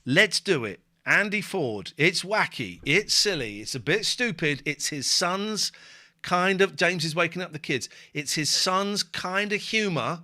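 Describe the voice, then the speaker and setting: Give me an excitable, joking man hosting a livestream. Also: high-pitched, unhurried. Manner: excitable, jokey and sweary. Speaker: livestream host. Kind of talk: casual live commentary. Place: home living room.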